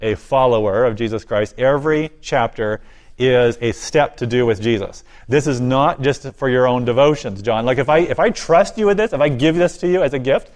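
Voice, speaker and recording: A man's voice: mid-range voice, normal speed. Earnest older-sounding man sharing his faith. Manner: earnest, enthusiastic, speaks warmly of faith. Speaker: guest, ministry volunteer and author. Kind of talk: interview conversation.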